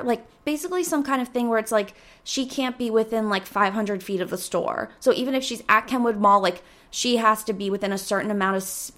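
A young woman hosting a podcast, telling a story in a casual, animated, rambling way, with lots of "like" and some swearing. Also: fairly high pitch. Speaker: podcast host.

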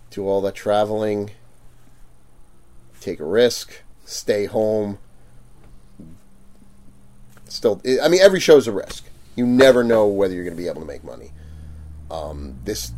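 A man telling stories in a casual chat, animated, laughing and acting out quotes loudly. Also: low voice. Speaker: guest vendor.

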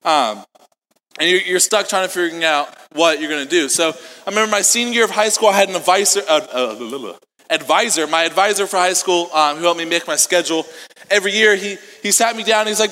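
A man's voice: sits high, fast, pushed and bright. A young man giving a youth group sermon, telling a story casually and acting out the dialogue before reading scripture. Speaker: youth pastor. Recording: long hall reverb.

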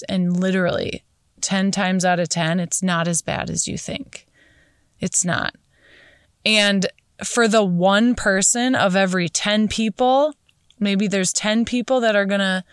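An earnest, encouraging woman in her thirties speaks straight to her podcast listeners, calling them "you guys" as she cheers them on. Her voice sits at an ordinary middle pitch for a woman. It is recorded close on the mic, with a dry sound and no room echo. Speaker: podcast host. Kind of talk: motivational podcast monologue.

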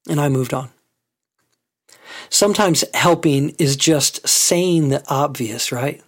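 A man's voice: fairly high pitch, a little slow, creaky, slightly rough. A man preaching a sermon as a pastor, conversational and full of rhetorical questions.

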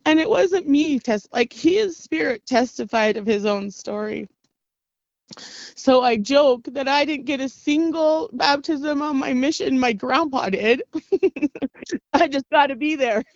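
Woman from the navajo nation, kinda high voice, earnest and halting, dry dull-ish recording. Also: no room sound. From Navajo Nation, US Southwest. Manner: earnest, halting, with frequent restarts and laughs. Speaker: interview guest. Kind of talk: reflective personal storytelling.

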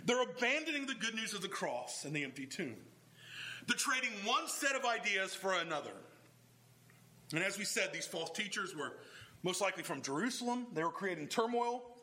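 A man's voice: high-pitched, normal speed, poor audio. A man preaching a sermon, talking through the text and acting out the voices of the people he quotes. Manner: animated, acts out quoted voices of others. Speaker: pastor.

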